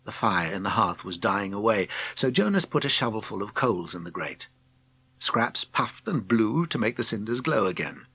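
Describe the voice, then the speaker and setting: A man narrating a children's storybook with expressive, gentle storytelling. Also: fairly low pitch, normal speed, breathy edge, dry recording. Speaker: audiobook narrator.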